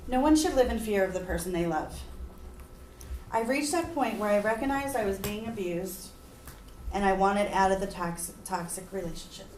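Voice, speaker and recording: A woman's voice: medium pitch, expressive, moderate pace, a little mellow, slight background noise. A woman giving an earnest persuasive speech, at times emotional. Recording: echoey room, mic far off.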